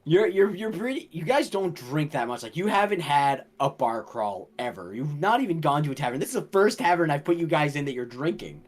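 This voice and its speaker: A man narrating as dungeon master, lively and stumbling over his words. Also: a little high, a little fast, few pauses. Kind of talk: narrating a tabletop game.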